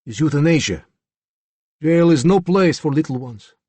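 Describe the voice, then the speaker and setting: A man voicing a hostile Eastern European tough with a heavy Slavic accent, speaking broken English in a low, harsh voice. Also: animated, darkish tone, breathy edge, no room sound. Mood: defiant. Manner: slow, menacing, clipped.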